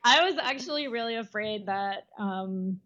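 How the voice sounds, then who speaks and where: A woman's voice: mid-range voice, normal speed, a bit bright, highs cut off. A woman guest author in a casual podcast conversation, speaking thoughtfully with many fillers and restarts.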